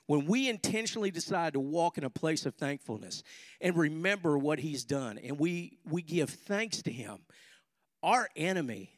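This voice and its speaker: A middle-aged man preaching a sermon in a church hall, talking conversationally and rallying the congregation. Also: fairly high pitch. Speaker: pastor. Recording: long hall reverb.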